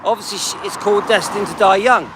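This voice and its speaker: A man's voice: high-pitched, fast, noisy background. An older man hosting a casual live stream while walking outdoors through a seaside town, chatting and greeting viewers by name.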